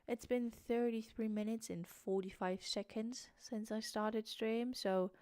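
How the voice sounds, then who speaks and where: A woman's voice: a little high, steady tone, measured pace, dark tone, clean tone, dry recording, studio quality. A tired young woman with a British-tinged accent, chatting casually and rambling on a late-night livestream, full of restarts and fillers. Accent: British-tinged English. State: sleepy, tired. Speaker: streamer.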